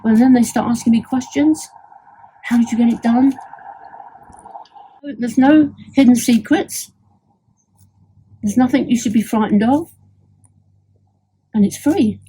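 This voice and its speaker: A woman's voice: on the high side, unhurried, pauses often, mellow, slightly rough, low-quality recording. A woman at home, chatting enthusiastically about work done on her house, often restarting her sentences. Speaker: homeowner giving a testimonial. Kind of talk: casual chat. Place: at home indoors.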